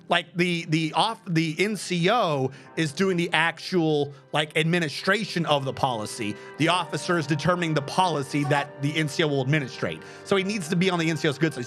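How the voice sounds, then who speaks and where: A man's voice: fairly high pitch, fairly bright tone. A man streaming a game, chatting in a casual, profane rant and explaining things step by step.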